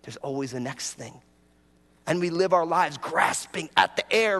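A man's voice: high-pitched, expressive, normal speed, fairly bright tone, long reverb tail. A man preaching a sermon as pastor, talking casually and drawing the congregation in with prompts and jokes.

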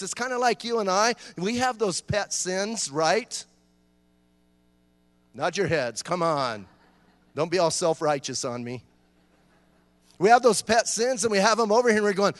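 A man preaching a sermon in an animated, joking way, acting out short voices and talking back and forth with the congregation. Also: high-pitched, normal speed, dry recording, big-room sound. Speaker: pastor.

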